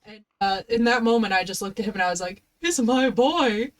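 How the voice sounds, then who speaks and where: A woman's voice: mid-range voice, fairly even intonation, quick pace. A woman streaming a game live, chatting playfully with her viewers and cooing at her dog. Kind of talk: casual live-stream chat. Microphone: headset.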